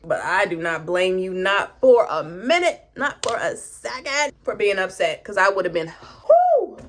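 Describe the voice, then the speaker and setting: A woman vlogger reading an online post aloud and reacting with animated, profane outbursts while doing her makeup. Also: mid-range voice, moderate pace, a little hiss or hum. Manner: animated, swearing, loud outbursts and exclamations.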